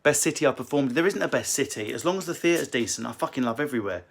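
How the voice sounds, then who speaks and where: A man's voice: mid-range voice, lively intonation, creaky. Profane joking man at home. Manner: profane, joking, quick asides. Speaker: comedian. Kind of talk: casual livestream Q&A. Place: book-lined room at home.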